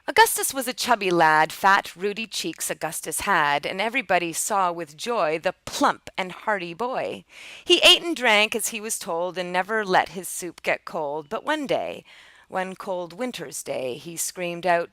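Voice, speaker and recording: A woman reading aloud from a rhyming children's picture book, jumping high and loud for the characters' cries. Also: expressive, measured pace, no room sound. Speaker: storyteller.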